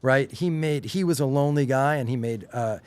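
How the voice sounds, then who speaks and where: Animated middle-aged man with a faint Long Island accent. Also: mid-range voice, fairly quick, clean tone, no room sound. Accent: slight Long Island. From Long Island, New York. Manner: animated storyteller, acts out quotes with rising excitement. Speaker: podcast guest, showrunner. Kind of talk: casual chat.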